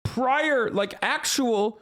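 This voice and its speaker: A man's voice: very high voice, extremely slow, a bit bright. A man livestreaming, reacting to a news story with heated, profanity-laden ranting and scolding his chat. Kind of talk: live stream reaction commentary.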